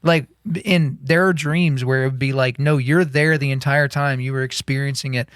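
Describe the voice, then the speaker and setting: A man's voice: medium pitch, moderate pace, smooth, dry recording, clean studio sound. A man co-hosting a podcast, talking casually about a Bible passage and acting out imagined scenes as he tells them. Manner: animated storyteller, acts out imagined scenes. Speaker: podcast co-host.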